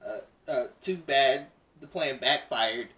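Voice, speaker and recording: Man reading as a calm young frog-girl hero, matter-of-fact, slightly distant mic. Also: mid-range voice, slow pace. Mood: steady.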